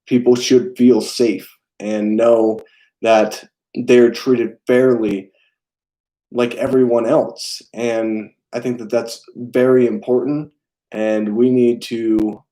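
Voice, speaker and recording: A young man hosts a relaxed live stream chat, his voice mellow and unforced. He speaks haltingly, filling pauses with ums while he reads and answers viewers' messages. His pitch sits in an ordinary middle range. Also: rough recording. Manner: hesitant, many fillers, reads and answers chat. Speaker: film channel host.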